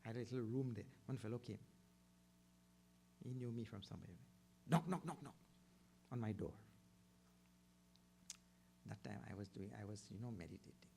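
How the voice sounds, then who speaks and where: A man's voice: steady tone, a little fast, vocal fry, pauses often, dark tone, slight background noise. A middle-aged man with an Indian accent giving a spiritual discourse, telling stories and acting out other people's voices. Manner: storytelling, acts out other people's voices with big pitch jumps. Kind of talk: sermon.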